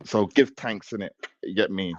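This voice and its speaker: A man's voice: fairly low pitch, normal speed, no room sound. A man in his thirties from South London with a South London accent, chatting as a guest on a stream in a slangy, earnest way. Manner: slangy, earnest, laid-back. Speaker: guest panelist. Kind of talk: casual chat. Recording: dull dry call audio.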